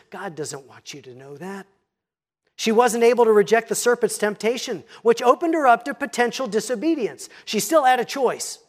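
A pastor preaching a sermon, teaching in a measured tone and reading scripture aloud. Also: medium pitch.

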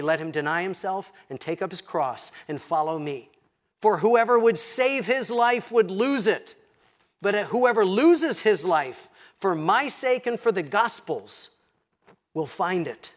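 Casting note: pastor, man, higher-pitched voice, expressive sermon delivery. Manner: expressive, slows and drops to a hush for quoted scripture.

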